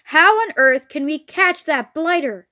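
A woman's voice: high-pitched, expressive, measured pace, sharp tone, pitched above the performer's own voice, exaggerated voice. A woman voicing a fat, bad-tempered male farmer in a read-along storybook. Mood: angry. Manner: angry and blustering.

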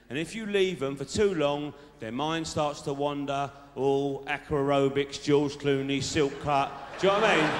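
A man's voice: a little high, natural voice. A man playing a boastful South London lad who gives dating tips in a live stand-up character act, full of tag questions. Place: large theatre stage with audience. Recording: live hall reverb, faint noise.

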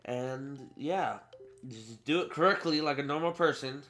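Teen boy, gaming commentary, bright tense voice, swearing and frustrated, faint game music behind. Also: mid-range voice, a little slow. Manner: frustrated, swearing, talks to viewers. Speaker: gaming channel host. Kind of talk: casual let's play commentary.

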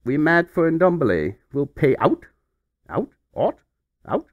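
A man voicing a brash male club official with a put-on northern English accent, loud and blunt. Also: a little high, sing-song, slow, narrow, tinny audio.

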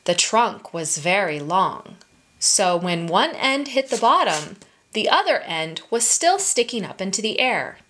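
A woman reading a children's storybook aloud at story time, in a slow, expressive manner for small children. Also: medium pitch.

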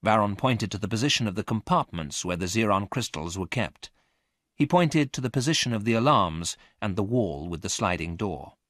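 Man narrating a learners' storybook, lowish voice, slow and clear, dry close mic. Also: lively intonation, fairly bright tone, dry recording. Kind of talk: scripted narration of a graded reader.

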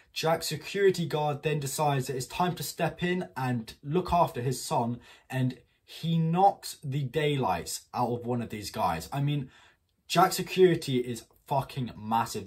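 A man's voice: fairly high pitch, husky. A man giving blunt, opinionated commentary in a casual vlog and swearing freely. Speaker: commentary YouTuber.

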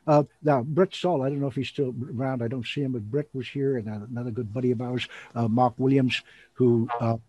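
A man hosting an online show, chatting casually in a rambling, animated way and laughing often. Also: mid-range voice, a little fast, husky, dry recording, highs cut off. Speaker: show host and magician.

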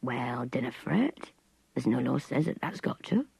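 Woman doing a male gamekeeper, broad Midlands dialect, low slow murmur, dark tone. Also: sing-song, gravelly, breathy edge, no echo, heavily acted, poor audio. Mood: soothing. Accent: Midlands dialect, put on.

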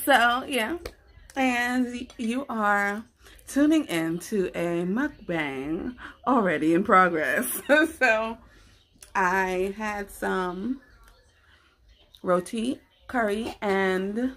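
A woman filming a casual mukbang at home, chatting to the camera held close to her face while she eats, relaxed and full of slang. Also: medium pitch, drawn-out words. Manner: relaxed, slangy, giggly, talks while eating. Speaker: mukbang vlogger. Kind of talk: casual eating chat to camera. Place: at home, indoors.

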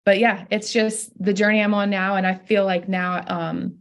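A woman's voice: mid-range voice, flat delivery, moderate pace. A young adult woman, a pastor and podcast guest, telling a personal story in an earnest, heartfelt way. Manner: heartfelt, earnest, laughs through tears.

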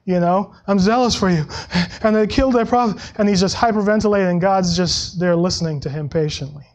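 A male pastor preaching a sermon in a conversational way, with frequent restarts and soft laughs, and dropping his voice when he quotes scripture. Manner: acts out Bible quotes in a lower voice.

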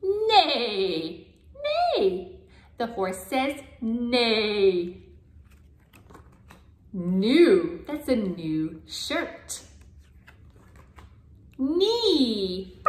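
A woman speech language pathologist modeling simple sounds and words for toddlers in a playful, sing-song, drawn-out way. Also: fairly high pitch, sing-song, echoey room. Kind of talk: slow, exaggerated word modeling for toddlers.

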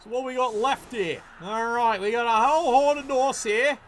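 A man commentating a tabletop-style video game match casually, excitable and profane, stammering when worked up. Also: very high-pitched, moderate pace, a little hiss or hum.

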